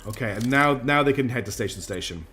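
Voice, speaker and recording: A man's voice: medium pitch, lively intonation, quick pace, pushed and bright, slight background noise. A man streaming live, thinking aloud through his gameplay and chatting back to viewers. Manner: thinks aloud while playing and answers chat.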